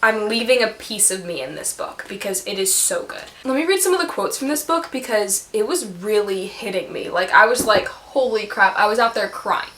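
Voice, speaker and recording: A young woman chatting casually in a book vlog, gushing and full of fillers, sometimes reading quotes aloud softly. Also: medium pitch, lively intonation, normal speed, few pauses, reverberant, a little hiss or hum. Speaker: book vlogger.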